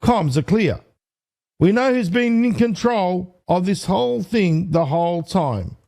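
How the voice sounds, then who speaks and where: A man hosting an online commentary video, talking excitably to viewers, counting aloud and correcting himself as he goes. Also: high-pitched, a little slow, creaky. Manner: excitable, addresses viewers as ladies and gentlemen. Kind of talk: casual commentary to camera.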